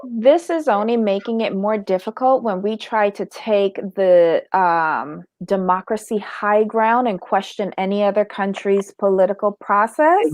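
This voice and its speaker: Measured woman panelist, dry sound. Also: medium pitch, no room sound. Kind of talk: casual commentary chat.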